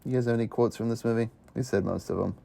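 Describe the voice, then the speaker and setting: A man's voice: medium pitch, creaky. A man hosting a casual movie review podcast, joking and laughing with friends. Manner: joking, animated, quick to laugh. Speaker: podcast host.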